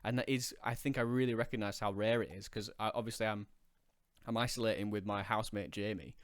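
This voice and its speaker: A man's voice: fairly low pitch, fairly even intonation, fast talker, clear, resonant tone, dry recording. A young man on a casual call, talking in a reflective, hesitant way with lots of fillers. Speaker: guest caller. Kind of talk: casual video-call chat.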